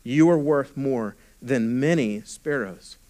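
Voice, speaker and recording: A pastor preaching a sermon, reading scripture and explaining it, often dropping to a quiet, intimate tone and then rising with force. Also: male voice, medium pitch, slow. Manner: preaching with sudden drops to a hushed voice and swells in volume.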